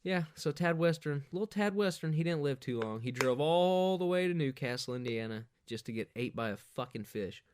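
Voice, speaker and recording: A man hosting a podcast, telling a profane, rambling party story in a casual monologue, jumping up in pitch when he quotes people. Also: moderate pace, few pauses, smooth. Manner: crude, profane, rambling anecdotes with animated quoted voices. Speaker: podcast host.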